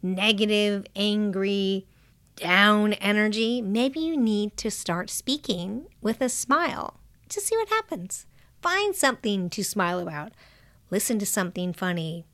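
A woman with a medium-pitched voice gives entrepreneurs a calm, measured motivational talk, sometimes dropping to a soft whisper.

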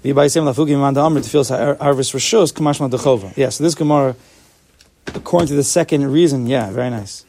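A man's voice: medium pitch, fast, darkish tone, slight background noise. A man teaching an informal Talmud class, explaining step by step and asking and answering his own questions.

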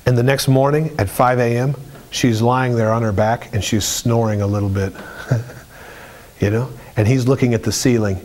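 A man's voice: mid-range voice, steady tone, normal speed, a little mellow. Emphatic male preacher. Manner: emphatic, repetitive phrasing. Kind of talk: sermon.

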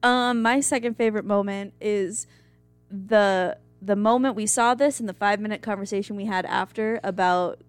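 A woman's voice: mid-range voice, steady tone, moderate pace, clear, resonant tone, no echo, faint music behind. A young woman co-hosting a casual chat podcast, enthusiastic and giggly. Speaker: podcast co-host.

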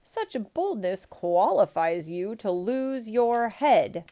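A woman reading aloud in a storybook, voicing a stern, quick-tempered old male emperor who snaps and shouts. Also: lowish voice, lively intonation, creaky. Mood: angry.

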